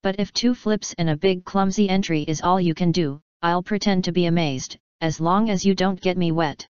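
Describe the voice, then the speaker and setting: A woman voicing a sassy, quick-witted young woman with sarcastic banter. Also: on the low side, steady tone, a little mellow, smooth, no echo, lightly acted. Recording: dry, slightly dull studio recording.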